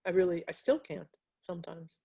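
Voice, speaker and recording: An American woman talking in an interview about her work, reflective and pausing often with fillers and restarts. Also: on the low side, creaky, mellow, husky. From United States. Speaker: interviewee, graphic novelist. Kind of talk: casual interview conversation.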